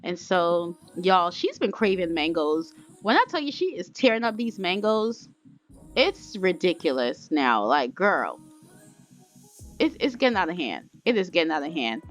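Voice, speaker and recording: A woman's voice: lowish voice, very animated, a little slow. A woman hosting a game let's play, narrating in a chatty, dramatic way straight to her viewers. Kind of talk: casual game commentary. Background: faint music.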